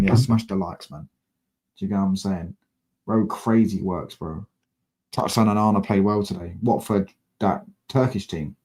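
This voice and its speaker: A young man, a football fan streamer, frustrated and slangy, swearing as he talks to his chat from a desk mic at home. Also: low voice. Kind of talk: live-stream fan rant.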